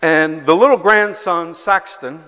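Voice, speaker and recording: An older male pastor preaches with passion in a high, bright voice and an unhurried delivery. The sound is dull and lo-fi, with a long echo from a large hall. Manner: impassioned storytelling, rising to near-shouts. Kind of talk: sermon.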